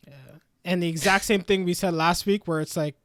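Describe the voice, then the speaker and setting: High-voiced slangy young man. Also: fairly quick. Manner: animated, slangy, acts out characters' lines. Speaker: podcast co-host. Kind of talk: casual chat reviewing anime.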